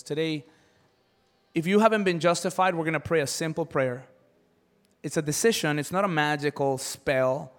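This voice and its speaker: A man preaching a sermon as pastor, animated, acting out quoted voices in his stories. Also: on the high side. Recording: long hall reverb.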